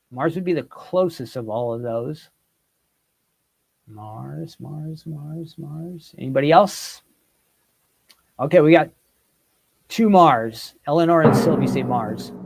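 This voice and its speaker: A man hosting a casual quiz on a livestream, reading out viewers' guesses and chatting with them. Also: a little high. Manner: animated, reads out viewer comments and guesses. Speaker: host. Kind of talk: casual quiz with live chat.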